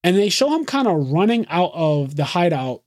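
A man hosting a podcast, excitedly recapping an anime episode in casual, profane, run-on talk. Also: a little high, no echo, clean studio sound. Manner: excited, swears freely, rapid run-on retelling. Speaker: podcast host.

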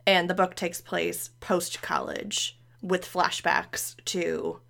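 A woman's voice: on the low side, slow pace, creaky. A woman hosting a podcast, chatting casually and animatedly about books. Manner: animated, laughs often. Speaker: podcast host.

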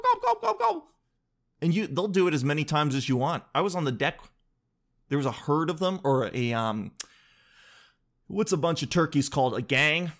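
A man telling comedic stories in a casual, rambling monologue, joking, cutting himself off and swearing freely. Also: on the high side.

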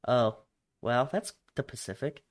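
A young man chats loosely on a podcast, swearing freely and laughing between his rambling thoughts. His voice sits at an ordinary middle pitch. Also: lively intonation, measured pace. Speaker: podcast co-host. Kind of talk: casual chat.

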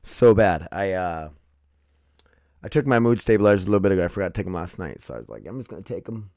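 A man's voice: deep voice, expressive, quick pace, vocal fry, a little mellow, dry recording, clean studio sound. A man hosting his own podcast in loose, rambling, profane chat, sleepy and yawning, calling his listeners "you guys" and "dude.". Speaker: podcast host.

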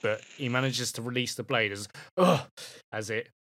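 A man's voice: mid-range voice, fairly even intonation, fairly quick, sharp tone, no echo. A man narrating a tabletop game as game master, in a loose, chatty way with lots of fillers.

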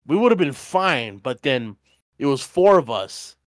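A young man on a podcast, telling a story full of swearing and slipping into lively voices whenever he quotes someone. The sound is close and dry, with little room around it. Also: mid-range voice, a little slow, no echo. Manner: swearing, storytelling, animated quoting. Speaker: podcast co-host. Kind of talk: casual chat.

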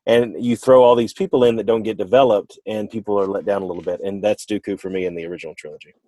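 A man's voice: on the low side, steady tone, fast, dark tone, no echo. A man co-hosting a podcast, chatting casually in a rambling, playful way and often correcting himself. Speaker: podcast co-host. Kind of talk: casual chat.

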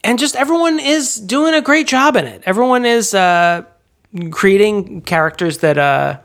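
A woman's voice: mid-range voice, animated, moderate pace. A woman co-hosting a podcast, chatting casually and self-deprecatingly about a movie, with many fillers. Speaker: podcast co-host. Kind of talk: casual movie review chat.

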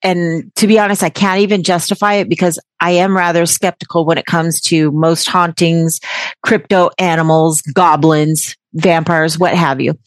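A woman's voice: on the low side, fairly even intonation, normal speed, no room sound. A woman hosting a podcast in casual chat, brash and jokey, swearing freely with sarcastic asides. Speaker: podcast host.

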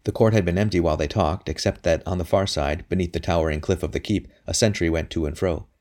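A male audiobook narrator with a very low voice reads a storybook from a script in a steady, measured way.

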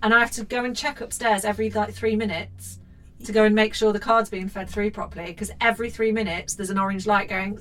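A woman's voice: medium pitch, steady tone, fast talker, fairly bright tone. A young woman co-hosting a podcast, telling a rant-filled story with lots of swearing and animation. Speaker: podcast co-host. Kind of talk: casual chat.

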